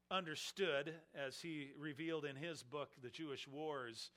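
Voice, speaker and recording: Bright-voiced man preaching a sermon. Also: fairly high pitch. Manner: animated, acts out the questioners with mocking voices. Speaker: pastor. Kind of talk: expository sermon.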